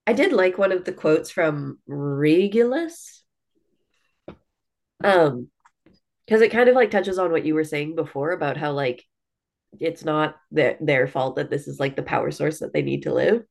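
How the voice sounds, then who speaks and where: A woman's voice: low-pitched, animated, unhurried, gravelly, a little mellow. Blunt, chatty woman reviewing a book. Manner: blunt, frequent "like", swears casually. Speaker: podcast co-host. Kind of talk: casual book review chat.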